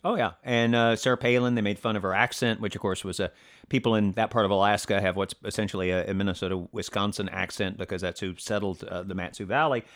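A man co-hosting a political commentary podcast, talking in a halting way with many fillers and restarts and a sarcastic edge. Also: fairly low pitch, steady tone, a bit bright. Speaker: podcast co-host.

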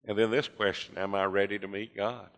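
A man's voice: lowish voice, level tone, a little fast. An older male pastor preaching a sermon in a church, building to fervent appeals and voicing his listeners' objections. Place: church sanctuary. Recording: long reverb of a church hall.

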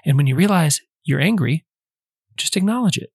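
A man hosting a podcast, calmly teaching prayer in numbered steps with a casual, conversational manner. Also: fairly high pitch, normal speed, gravelly, breathy edge, no echo, studio quality. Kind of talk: casual instructional talk.

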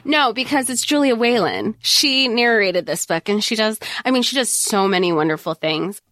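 A woman's voice: on the high side, expressive, normal speed, a bit bright, dry recording, studio quality. A woman co-hosting a podcast in casual chat, talking in a chatty, rambling way with many asides. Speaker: podcast co-host.

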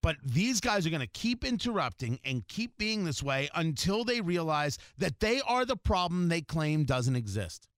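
A man's voice: fairly high pitch, very animated, moderate pace, few pauses, fairly bright tone, no room sound, studio quality. A man hosting a political talk show, delivering an opinionated monologue in an emphatic way, with many restarts and repeated words.

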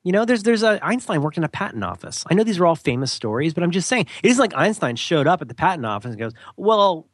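A man holding forth on a podcast, his pitch leaping up and down as he makes his points. He talks emphatically, often jumping into mocking voices of other people. The sound is dry and close, with no room echo. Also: fast, few pauses. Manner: animated, jumps into mock voices, emphatic. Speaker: podcast co-host. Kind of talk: casual podcast rant.

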